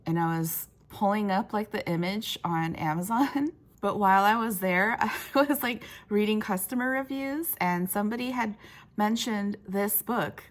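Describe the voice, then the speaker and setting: A woman's voice: medium pitch, normal speed. A woman book vlogger in casual chat to camera, talking in a chatty way with many fillers and laughs between thoughts.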